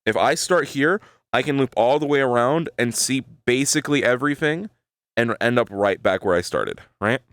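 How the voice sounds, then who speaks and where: Here a male streamer's voice sits at medium pitch, a bit bright, clear and resonant, moving at normal speed over a dry recording. He rambles through casual chat with his audience, cursing often and ending lines with "right?" while he thinks out loud.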